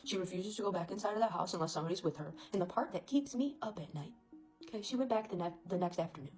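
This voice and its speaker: A woman casually telling a scary story, chatty and animated, with lots of fillers. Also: on the low side, fast, faint music behind, low-quality recording.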